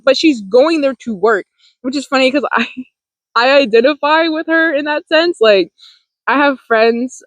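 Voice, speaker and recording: A vlogger in her twenties, speaking into a close desk mic, chats casually about a film, rambling with many fillers, restarts, and frequent laughter. Her voice is a little high, and the recording is dry and rough.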